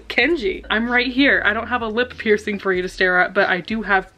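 Excitable young woman reacting to a book. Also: mid-range voice, fairly quick. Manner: excitable and dramatic, laughs often, gushing asides. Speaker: book vlogger. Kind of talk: casual reading reaction vlog.

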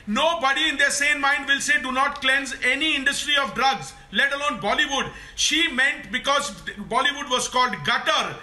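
A man's voice: very high voice, moderate pace, few pauses, sharp tone. A man pushing back indignantly as a panelist in a TV debate, on an echoey remote feed. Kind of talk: TV debate argument.

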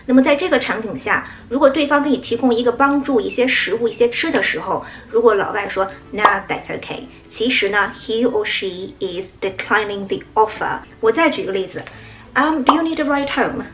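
A woman English teacher explaining English phrases in a brisk, explanatory way and acting out example lines. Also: on the high side. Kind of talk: explaining English usage in Mandarin.

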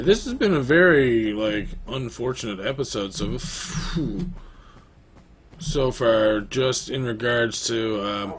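A man's voice: on the low side, slight background noise. A young man giving rambling, casual commentary while playing a game, talking to the dog in it. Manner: chatty, rambling, talks to his dog. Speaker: gaming YouTuber. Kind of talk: casual let's-play commentary.

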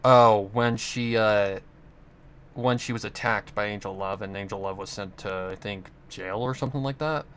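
A man's voice: fairly low pitch, normal speed, fairly bright tone, a little hiss or hum. A young man talking into the camera in a rambling, earnest monologue, swearing often as he talks about his own past. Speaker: channel host. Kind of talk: casual monologue.

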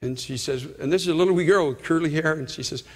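A man preaching a fervent sermon as pastor, shouting and quoting scripture. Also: a little high, fast talker, big-room sound.

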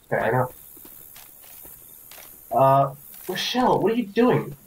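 An Australian man co-playing a game and chatting casually, laid-back and hesitant, often pausing on ums. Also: mid-range voice, big pitch swings, low-quality recording. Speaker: co-player. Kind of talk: casual gameplay chat.

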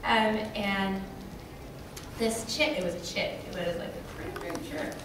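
A woman telling a lively story at a convention Q&A panel, acting out the voices of the people in it and laughing often. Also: normal speed. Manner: animated, acts out quotes in high voices, laughs often. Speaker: panel guest. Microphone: recorded by a camera in the audience. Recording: roomy hall from far off with crowd noise. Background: audience ambience.

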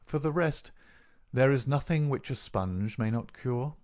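A man voicing a clever, calm detective who explains his plans in a measured, dry way. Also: mid-range voice, pitched above the performer's own voice, close to an everyday voice. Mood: explaining.

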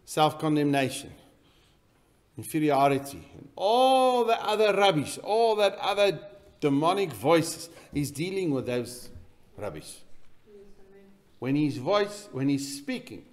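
A man preaching a sermon in a church, swinging between loud emphatic bursts and quiet, intense passages. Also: on the high side. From South Africa. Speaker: pastor.

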